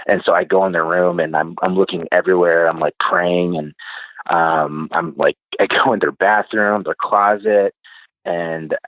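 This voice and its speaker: Man, very low pitch, hesitant filler-heavy storytelling, phone-quality remote line, dry. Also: steady tone, no room sound. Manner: halting, many fillers and restarts. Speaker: podcast guest. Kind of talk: casual storytelling.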